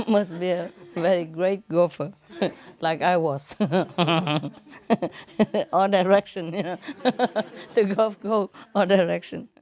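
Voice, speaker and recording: A woman's voice: fairly low pitch, drawn-out words, long pauses, darkish tone. A woman telling jokes to an audience, laughing often at her own punchlines, with non-standard English grammar.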